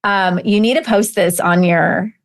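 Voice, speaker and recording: A woman hosting a group coaching call, encouraging and animated, with a gravelly voice and many casual fillers. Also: mid-range voice, measured pace. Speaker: host and leadership coach.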